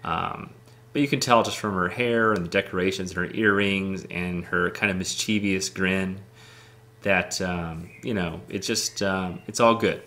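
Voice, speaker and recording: A man with a very low, gravelly voice talks loosely through his pictures. His tone has a bright, forward edge, and he rambles with plenty of ums and easy enthusiasm. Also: steady tone, unhurried. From United States. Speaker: photographer showing his photos. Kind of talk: casual talk over photos.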